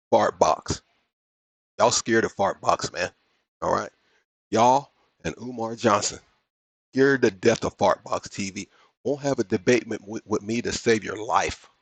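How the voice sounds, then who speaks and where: A man's voice: on the low side, slightly rough, dry recording. A man hosting a reaction commentary, talking in a blunt, mocking, slangy way. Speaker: commentary host.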